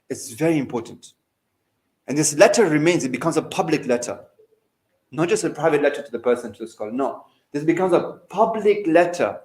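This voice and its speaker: A man's voice: a little high, poor audio. A man, a shaykh giving a sermon, telling stories as his volume and pace rise and fall. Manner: storytelling, rising and falling in volume and pace. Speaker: shaykh giving a majlis lecture. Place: mosque hall.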